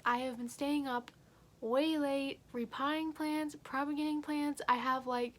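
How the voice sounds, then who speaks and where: A woman's voice: sits high, steady tone, a little slow. A teenage girl talking candidly to her phone camera at home in a rambling diary vlog, full of "like" fillers. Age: late teens. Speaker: vlogger. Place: at home, indoors.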